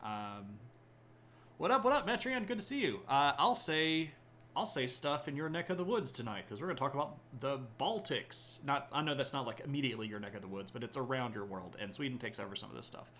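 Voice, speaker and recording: A man's voice: medium pitch, animated, fairly quick, fairly bright tone, a little hiss or hum. Rambling man hosting a history stream. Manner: rambling, many fillers and restarts, laughs at own jokes. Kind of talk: casual chat reading viewer comments.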